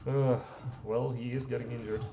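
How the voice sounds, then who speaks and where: This let's play host speaks at medium pitch with flat intonation, a moderate pace, and vocal fry, and the audio sounds dull. He gives rambling, self-deprecating commentary on a strategy game, full of fillers and mild swearing, amid roomy echo and faint hum.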